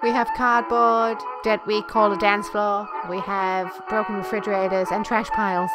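A woman giving crude, excitable commentary while playing a video game. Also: mid-range voice, moderate pace, hardly any pauses, over music. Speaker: let's play gamer. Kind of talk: gameplay commentary.

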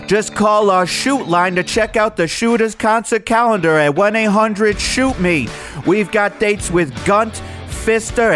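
A man's voice: sits high, a bit bright, pitched above the performer's own voice. A man doing a pushy radio ad announcer. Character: brash bar-and-buffet radio ad announcer man.

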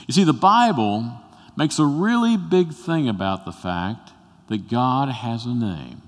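Male preacher, unhurried storyteller, long sanctuary reverb. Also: mid-range voice, expressive. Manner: storytelling, rising to bursts and dropping to a hush. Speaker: pastor. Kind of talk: sermon. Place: church sanctuary.

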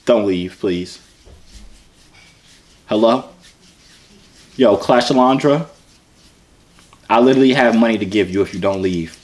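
A man's voice: on the low side, measured pace, long pauses, a little mellow. A young man hosting a casual vlog who talks with strangers in a playful, teasing, joking way. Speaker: YouTuber and video chat app host.

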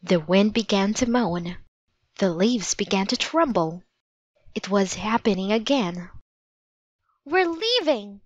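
A woman reads a children's storybook aloud in a gentle, measured way, taking her time with every sentence. Her voice sits at an ordinary middle pitch. The recording is close and dry, with a slightly dull, muffled top end. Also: no echo. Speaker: narrator.

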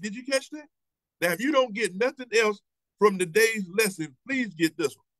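Man preaching on a video call, kinda high voice, dry sound, repeats words, slows down to hammer points. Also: fairly bright tone, no echo, rough recording. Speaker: church elder preaching. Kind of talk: sermon over video call.

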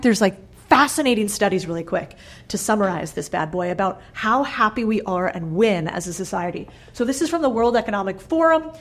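A woman hosting her own channel, giving blunt, casual money and life advice straight to camera and swearing freely. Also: mid-range voice. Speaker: business creator and host. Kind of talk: direct-to-camera advice talk.

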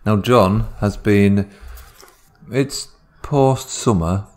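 A man co-hosting a comedy podcast, trading dry, deadpan quips while improvising a movie plot. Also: lowish voice, very slow. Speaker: podcast co-host.

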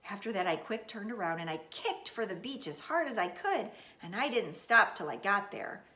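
Animated woman reading a children's book. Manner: animated, playful, with big jumps in pitch on exclamations. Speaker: storybook reader. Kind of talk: reading a children's book aloud in the first person of a young girl. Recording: roomy echo.

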